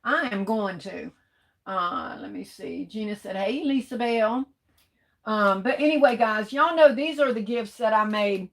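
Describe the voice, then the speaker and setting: A woman's voice: medium pitch, unhurried, gravelly. A middle-aged woman hosts a casual livestream, reading out comments and greeting viewers while she holds back coughs and sneezes. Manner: chatty, greets viewers warmly with "hey, baby". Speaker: livestream host.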